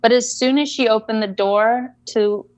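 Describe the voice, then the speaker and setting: A woman's voice: fairly high pitch, steady tone, moderate pace, darkish tone, no echo. Chatty woman coach telling a story. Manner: chatty, many fillers like "like". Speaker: equine coach guest. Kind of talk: storytelling in a casual interview.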